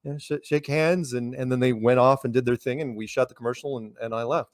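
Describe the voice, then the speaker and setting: A man's voice: medium pitch, steady tone, fairly quick, no echo, studio quality. An American man, a guest in an interview, telling stories in a loose, rambling way with many restarts and repeated words. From United States. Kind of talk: casual conversational storytelling.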